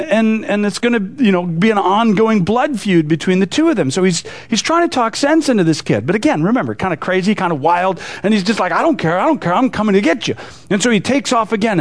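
A man teaching a Bible passage in a casual, conversational way, retelling the story with many fillers and restarts. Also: high-pitched.

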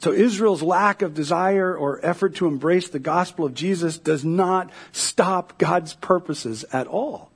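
A man's voice: high-pitched, a little slow, hardly any pauses, husky. A male pastor giving a casual, conversational sermon, retelling scripture as a story with fillers and playful asides.

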